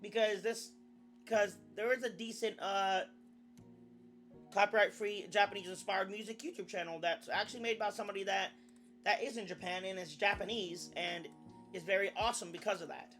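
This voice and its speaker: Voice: mid-range voice, steady tone, normal speed, fairly bright tone, soft background music. A young adult VTuber chatting casually on a live stream, rambling, often restarting sentences and swearing now and then.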